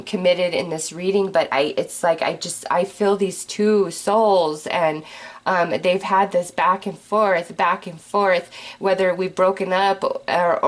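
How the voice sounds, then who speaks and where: Tarot reader, woman, lowish voice, effusive and teary, chatty delivery full of fillers. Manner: gushing, earnest, chatty with many fillers. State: tearful, choked up. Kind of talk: emotional tarot reading monologue.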